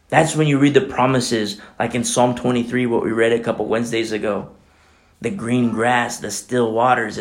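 Delivering a sermon, this middle-aged male pastor moves between booming exclamations and quiet prayers spoken nearly in a whisper. His pitch sits in the medium range.

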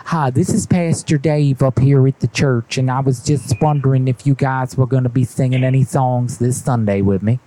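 A man doing a pushy middle-aged small-town pastor on a prank call, rambling in a mellow, warm tone. He keeps up an overly friendly churchy pitch that never lets the other person go. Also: fairly even intonation, moderate pace, few pauses, natural voice, rough recording. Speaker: prank caller.

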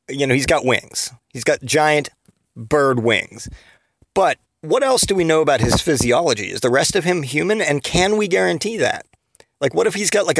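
A man's voice: medium pitch, a bit bright, no room sound, clean studio sound. A man hosting a comedy podcast, rambling through a giggly monologue full of fillers and restarts. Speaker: podcast host.

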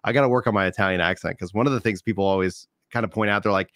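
Rapid-fire and fairly low-pitched with a fairly bright tone, a US comedian with a light Texan accent co-hosts a podcast. He jokes loosely and laughs often in casual chat, and the recording is dry with clean studio sound.

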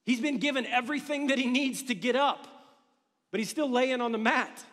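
A male pastor preaching a sermon in an energetic, conversational way, with humor. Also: very high voice, moderate pace. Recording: long reverb of a large hall.

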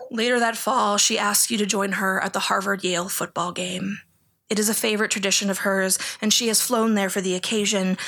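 Flat, hushed woman audiobook narrator. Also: mid-range voice. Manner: hushed, flat, sometimes close to a whisper. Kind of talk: second-person memoir narration.

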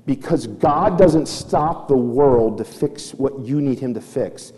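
A man's voice: medium pitch, slow, warm tone. Emphatic preaching man in an echoey hall. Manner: emphatic, repeats key phrases, tells family stories. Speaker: pastor. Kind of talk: sermon.

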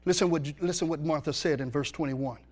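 A man's voice: a little high, a little fast. A male pastor preaching a sermon in a church, pressing the congregation with rhetorical questions and emphatic repetition.

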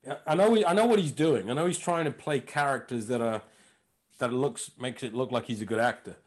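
A man with a medium-pitched voice talks a little fast. He's a stand-up comedian guesting on a podcast, chatting casually and telling stories in an animated way, acting out other people's voices and doing impressions.

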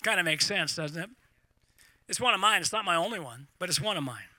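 A middle-aged man preaching to a live congregation, animated and repeating words as he talks. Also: sits high, a little fast, no room sound. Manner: animated, repeats words, laughs at own points. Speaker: pastor.

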